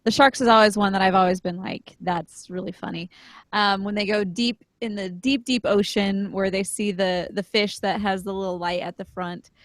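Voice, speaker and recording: A woman co-hosting a casual podcast chat, friendly and quick to laugh, talking in loose run-on sentences. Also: medium pitch, fairly even intonation, dry recording. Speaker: podcast co-host.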